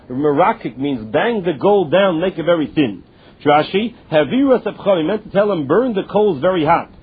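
Husky man teaching over lo-fi line. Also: high-pitched. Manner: halting, repeats words, restarts phrases. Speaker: Talmud teacher. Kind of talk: explaining a text with read-aloud and paraphrase. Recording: lo-fi phone-like recording.

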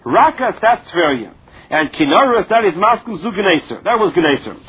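A man's voice: high-pitched, sing-song, moderate pace, slightly rough. A man teaching a Talmud lesson, reading each phrase and then explaining it in plain words. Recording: dull lo-fi recording.

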